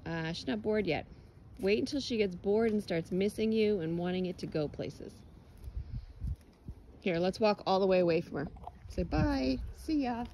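A woman's voice: mid-range voice, normal speed, pauses often, warm tone, slight background noise, low-quality recording. A woman dog trainer coaching outdoors on a lawn, giving direct, encouraging instructions and explaining her methods.

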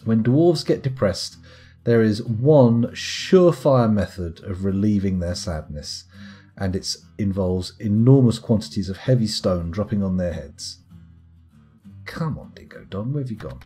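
Streamer, wry mutterer, lively pitch, mellow tone, soft guitar music underneath. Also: male voice, unhurried. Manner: wry, muttering to himself while playing. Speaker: gaming streamer. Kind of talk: live game commentary.

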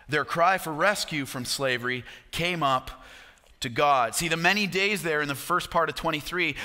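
A man's voice: fairly high pitch, pushed and bright, in a large hall. A man pastor preaching a sermon in a church, emphatic and repeating key phrases.

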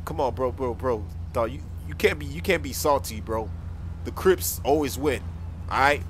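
A man's voice: high voice, expressive, moderate pace, sharp tone, slight background noise, heavily acted. A man playing a whiny young driver pulled over by a cop, pleading and complaining. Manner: pleading and complaining, calls everyone bro.

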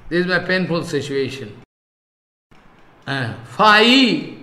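High, bright-voiced man lecturing in an echoey room. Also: lively intonation. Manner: halting and repetitive, slowly chanting verses. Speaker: spiritual teacher. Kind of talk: scripture class lecture.

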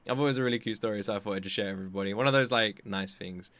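Rambling streamer in his thirties; lowish, bright, dry close mic. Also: racing, no room sound. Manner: rambling, chatty storytelling with many restarts. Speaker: anime reaction streamer. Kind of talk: casual chat.

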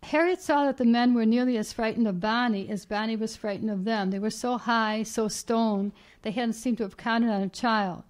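A woman author reading her own short story aloud in a measured, even way at a reading event. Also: a little high. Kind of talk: literary reading. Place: reading event at a writers' house.

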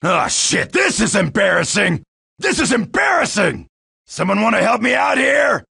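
A gravelly, shouting American marine. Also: male voice, high-pitched, very animated, normal speed, exaggerated voice. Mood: brash taunting. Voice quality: gravelly, raspy. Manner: shouting, crude taunting bravado. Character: brash loudmouthed American marine, middle-aged, cocky. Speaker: video game character. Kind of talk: video game voice lines.

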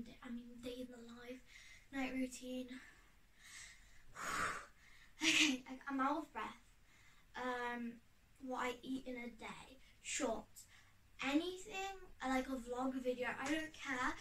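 A woman's voice: high-pitched, a bit bright. A woman vlogging to a camera on a tripod in her bedroom, chatty, giggly and easily sidetracked. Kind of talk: casual chat to camera. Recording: roomy, a bit far from mic, faint noise.

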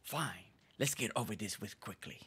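A man voicing a dramatic, secretive male villager in a deep, half-whispered, solemn voice. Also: lively intonation, normal speed, bright, forceful tone, slightly rough, exaggerated voice. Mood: brooding. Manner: solemn, cryptic pronouncements. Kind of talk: game dialogue read-along. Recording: faint game music behind.

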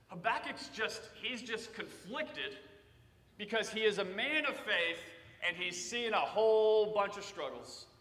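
A man preaching in a church sanctuary, his voice high and bright. He talks conversationally, then builds to loud cries on the passages he quotes. The sound rings with a long, echoey church reverb. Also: far from the mic. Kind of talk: sermon.

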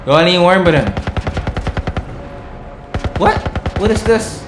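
A man giving let's play commentary, excitable and trash-talking the enemies, often bursting into shouts. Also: high voice, measured pace, echoey room, loud music behind the voice. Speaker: gaming streamer.

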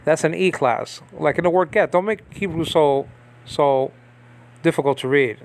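A man giving a casual Bible language lesson, talking conversationally and checking in often with his listeners. He pauses and restarts as he reads text aloud from a screen. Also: fairly high pitch, creaky. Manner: conversational, checks in with frequent "okay?" and "you understand?". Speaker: Bible teacher.

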